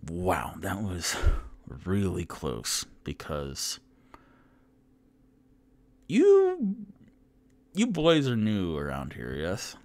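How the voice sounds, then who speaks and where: A man's voice: deep voice, huge pitch swings, extremely slow, pauses often, darkish tone, dry recording, exaggerated voice. A man doing a brash seven-foot half-orc woman. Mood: chatty. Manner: brash, chatty, swaggering.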